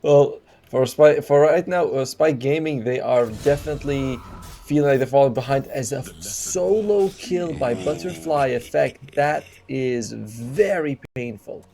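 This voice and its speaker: A man giving chatty, analytical color commentary on an esports match, breaking into quick reactions. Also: medium pitch, creaky, mellow. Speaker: esports co-caster.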